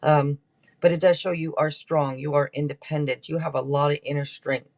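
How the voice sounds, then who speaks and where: A woman's voice: low-pitched, steady tone, moderate pace, a little mellow. A woman hosting a live tarot stream, chatting casually and rambling through card meanings. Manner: chatty and rambling, with many restarts.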